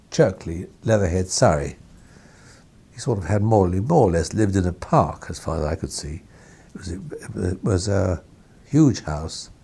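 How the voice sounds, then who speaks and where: Older male interviewee, low husky voice, anecdotal and amused, archival feel. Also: mellow. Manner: rambling, chuckling storyteller with many restarts. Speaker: interviewee, former newspaper editor. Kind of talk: anecdotal reminiscence.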